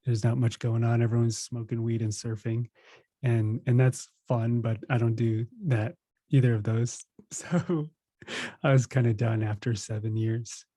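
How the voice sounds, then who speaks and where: A man in his thirties, a guest on a podcast, telling stories in a relaxed, self-laughing way. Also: mid-range voice, a little slow, dry recording. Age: 30s. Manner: relaxed storytelling, laughs at himself. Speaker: podcast guest, meditation teacher. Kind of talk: casual interview chat.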